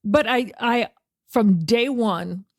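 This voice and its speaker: A woman from the South Shore of Massachusetts hosting a podcast, chatting in a lively, animated way with lots of quoted asides. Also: on the high side, slow pace, dry recording, clean studio sound. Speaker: podcast host. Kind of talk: casual interview chat.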